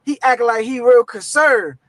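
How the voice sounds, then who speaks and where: A man with a strikingly high voice spins a story in loose, slangy street talk. He gets animated and acts out every quote along the way. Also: normal speed, no room sound, rough recording. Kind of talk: casual storytime.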